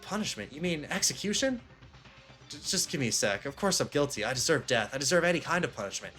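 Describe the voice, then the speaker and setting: A man's voice: fairly high pitch, big pitch swings, quick pace, pushed and bright, faint music behind, pitched above the performer's own voice. A man voicing a cowardly young male soccer star who pleads desperately. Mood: pleading.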